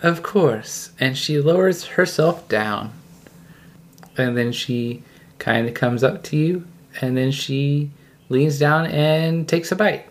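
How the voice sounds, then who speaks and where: A game master narrating a tabletop role-playing game in a calm, unhurried way. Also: mid-range voice.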